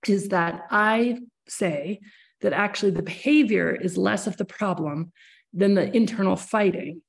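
A woman's voice: mid-range voice, darkish tone. A woman hosting a podcast, explaining ideas earnestly at length, with many restarts. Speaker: podcast host. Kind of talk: casual interview chat.

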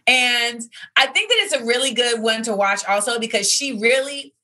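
Bright-voiced woman podcast host. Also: fairly high pitch, moderate pace. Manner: rambling, conversational, filler-heavy. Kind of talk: casual chat.

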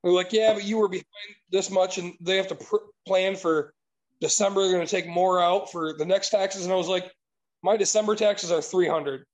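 A man's voice: sits high, steady tone, normal speed, rough recording. A man telling an exasperated, profanity-laced story in casual chat.

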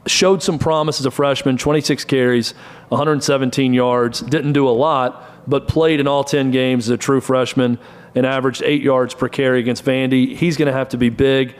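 A middle-aged man hosting a sports show, giving college football analysis and rattling off stats in short, brisk bursts. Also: medium pitch, fairly even intonation.

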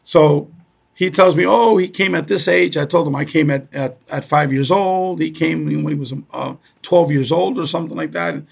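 Middle-aged Cuban-born man, gravelly and husky, chatty storyteller who keeps asking "okay?". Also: a little high, normal speed. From Cuba. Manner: repeats "okay?" often, animated storyteller. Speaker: guest. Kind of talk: casual storytelling.

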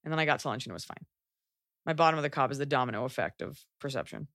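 A woman co-hosting a podcast, giving casual advice in a rambling, animated way and swearing freely. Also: a bass voice, rapid-fire, no room sound, studio quality. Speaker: podcast co-host. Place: Los Angeles area.

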